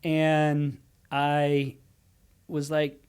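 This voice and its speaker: A man who teaches high school social studies, telling his life story in a casual podcast conversation and acting out his students' voices. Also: completely flat delivery, very slow, a little mellow, clear, resonant tone. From Pennsylvania.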